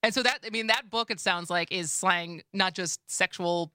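A woman's voice: fairly low pitch, normal speed, sharp tone, no echo. Chatty Wisconsin woman on studio radio. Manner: chatty, laughing, loose and playful. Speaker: radio co-host. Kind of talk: casual radio chat.

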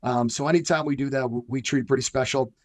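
A man's voice: mid-range voice, steady tone, fast talker, dry recording, clean studio sound. A middle-aged man, a football coach, talking earnestly in a casual radio interview with many fillers and restarts.

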